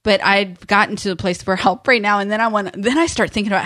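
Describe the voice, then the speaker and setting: A woman's voice: medium pitch, fairly bright tone, no room sound. Chatty Southern woman, dry close sound. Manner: chatty, storytelling, quick to laugh. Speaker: podcast co-host. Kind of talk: casual faith chat.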